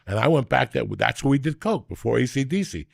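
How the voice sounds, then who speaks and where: A man's voice: medium pitch, very animated, a little fast, gravelly, no echo, studio quality. A man in his sixties hosting a podcast, telling rambling, profane stories and teasing his co-host. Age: 60s. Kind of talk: casual chat and storytelling.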